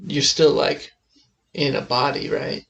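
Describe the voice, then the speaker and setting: Young dude, kinda high voice, jokey, laughing, casual chat. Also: male voice, steady tone, gravelly, a bit bright, lo-fi sound. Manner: jokey, laughs a lot, quick asides. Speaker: podcast co-host.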